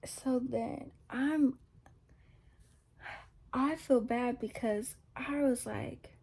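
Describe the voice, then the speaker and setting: A woman's voice: fairly high pitch, very slow, creaky, darkish tone, breathy edge. A woman telling a personal faith testimony in a casual, rambling way, repeating herself and poking fun at herself. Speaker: vlogger sharing a faith testimony.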